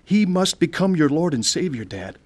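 A man's voice: on the high side, sing-song, normal speed, dry recording. A man earnestly narrating and acting out his own conversion story, pleading with his family. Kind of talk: dramatized testimony narration.

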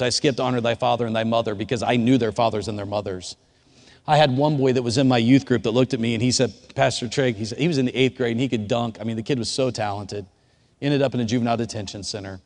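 A man who is a youth pastor, preaching a sermon through a personal story, dropping low and quiet at times and rising to loud shouted quotes. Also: fairly even intonation, fast, in a large hall.

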